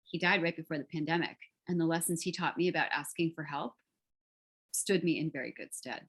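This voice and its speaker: A woman's voice: sits low, fairly quick, fairly bright tone, husky. A woman author on a video call, telling a personal story in a reflective, vivid way with some fillers. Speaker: author guest.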